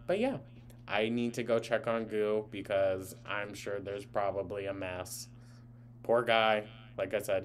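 A man talks through a live reaction stream in a low, unhurried voice. His commentary is blunt and mocking, and he swears freely. It sounds like a casual chat with his viewers. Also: a little hiss or hum.

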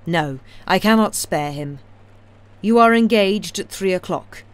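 Cold deliberate revolutionary woman, storybook villain, read by a woman, raised and firm. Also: mid-range voice, animated, clean tone, pitched above the performer's own voice, lightly acted. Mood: stern. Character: stern vengeful middle-aged woman revolutionary.

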